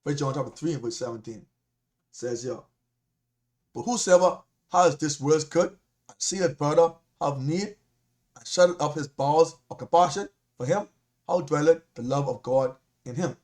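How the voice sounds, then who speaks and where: A man with a Caribbean accent, a deacon preaching a sermon in an animated, repetitive way, often laughing as he talks. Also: a little high, normal speed.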